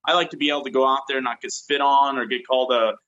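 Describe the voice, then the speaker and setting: A man in his thirties talks casually on a video call as a guest, rambling through stories and acting out quotes. His medium-pitched voice is steady, rapid-fire and a bit bright, with the highs cut off.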